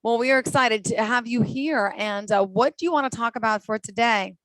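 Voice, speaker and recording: A woman hosting a podcast, gushing over her guest with effusive praise. Her voice sits slightly high, and the recording is close and dry. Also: brisk, fairly bright tone, no room sound, rough recording. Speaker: podcast host. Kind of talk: enthusiastic podcast interview.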